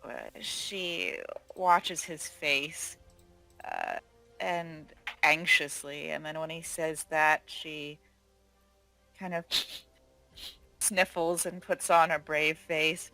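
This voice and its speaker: A player narrating a character's actions in a tabletop game, slowly and with many fillers. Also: medium pitch, gravelly, sharp tone, soft background music. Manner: slow, meandering, full of fillers. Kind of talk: tabletop role-play narration.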